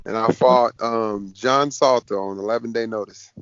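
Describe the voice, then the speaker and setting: A man, a fighter being interviewed, telling stories in a casual, lively way. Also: medium pitch, moderate pace, clean tone, no room sound. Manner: lively storyteller, acts out quoted voices. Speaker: MMA fighter guest. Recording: dull dry podcast audio.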